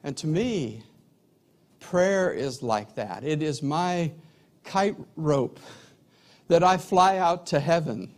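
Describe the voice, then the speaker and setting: A man's voice: fairly high pitch, slow pace, pauses often. A middle-aged man preaching a sermon, telling stories and acting out dialogue. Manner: animated storyteller, acts out dialogue.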